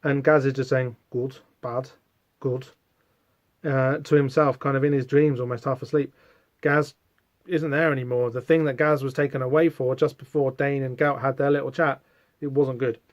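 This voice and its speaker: A man's voice: medium pitch, little pitch movement, brisk, no echo, lo-fi sound. A man hosting a podcast, casually walking through a comic book and reading its lines aloud with many fillers. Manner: chatty, reads quotes aloud with hesitant fillers. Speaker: podcast host.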